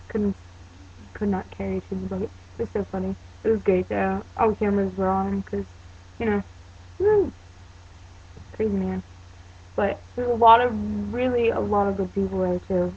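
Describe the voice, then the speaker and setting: A woman's voice: mid-range voice, darkish tone. A teenage girl from Pennsylvania telling a story to her camera in a chatty, rambling way, full of "um" and "like". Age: teens. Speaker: vlogger. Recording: dull lo-fi home video with faint hiss.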